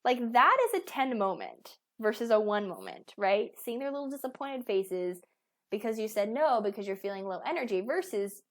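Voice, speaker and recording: A woman's voice: on the high side, sing-song, normal speed. A woman in her thirties, a weight loss coach, giving a casual motivational talk full of fillers and restarts. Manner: chatty, with many fillers and restarts.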